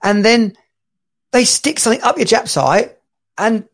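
A man's voice: high voice, unhurried, creaky. A man in his forties from England, co-hosting a casual chat and telling stories animatedly with frequent laughter. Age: 40s. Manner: animated storytelling, laughs a lot. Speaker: podcast co-host.

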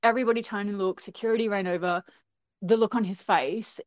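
A woman's voice: medium pitch, steady tone, brisk, no echo. Woman, guest, casual storytelling, acts out quotes, dry close sound, muffled recording. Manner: conversational, many fillers, acts out quotes. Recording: dull lo-fi recording.

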